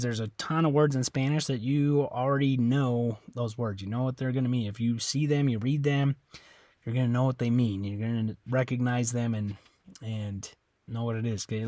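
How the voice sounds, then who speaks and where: A man's voice: medium pitch, normal speed, a little mellow, dry recording, clean studio sound. A man teaching a Spanish lesson in an informal way, often correcting himself and checking in with "okay?". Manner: informal, repeats words, corrects himself, ends phrases with "okay?". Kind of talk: recorded classroom lesson.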